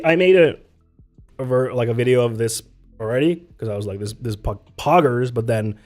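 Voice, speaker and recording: A man's voice: medium pitch, darkish tone. A man live-streaming from his home setup, chatting casually and answering his chat, rambling and laughing often.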